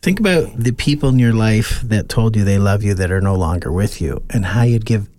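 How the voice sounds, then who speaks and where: A man hosting a radio show, speaking gently and earnestly and reading a blessing. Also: fairly low pitch, expressive, a little fast, no room sound. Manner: gentle, earnest, laughs easily. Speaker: host. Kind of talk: warm radio talk and benediction.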